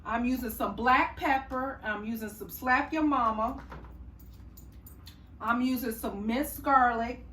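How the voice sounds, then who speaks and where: A woman's voice: fairly high pitch, unhurried, pushed and bright, roomy sound. Chatty woman cooking, distant mic. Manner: chatty, folksy, says y'all and honey. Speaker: cooking channel host. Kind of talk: casual cooking tutorial. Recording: distant mic, faint room noise.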